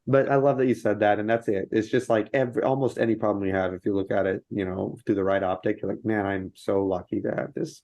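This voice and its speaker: A man's voice: lowish voice, steady tone, fast talker, hardly any pauses, warm tone, dry recording. A man in his thirties, a podcast guest speaking earnestly with many fillers in casual conversation.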